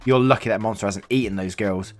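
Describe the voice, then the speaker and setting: A man's voice: on the low side, fast, faint music behind, lightly acted. A man voicing a hostile old woman who screeches insults at a neighbor. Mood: screaming.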